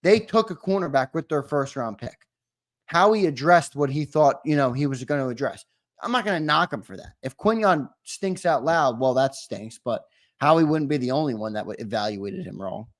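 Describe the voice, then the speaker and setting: A man's voice: mid-range voice, expressive, normal speed. A man co-hosting a sports talk show, easygoing and hopeful, talking as a fan.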